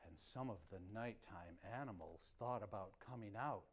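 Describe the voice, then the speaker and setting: A man's voice: fairly low pitch, moderate pace. A middle-aged man telling traditional folk tales to a live audience in a theatrical style, with gasps and sound effects. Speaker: storyteller.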